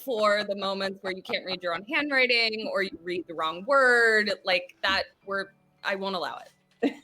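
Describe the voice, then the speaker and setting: A woman's voice: medium pitch, normal speed, bright, forceful tone. A woman co-hosting a livestream, bantering wryly and teasing her partner. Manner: wry, teasing. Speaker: co-host. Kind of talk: casual banter.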